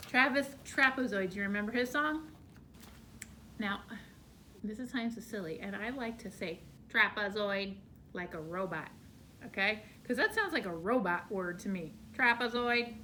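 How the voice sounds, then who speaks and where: A woman teacher explaining shapes to young children, slow and exaggerated in her delivery. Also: medium pitch, bright, forceful tone, slight background noise. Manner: slow, drawn-out, exaggerated for small kids.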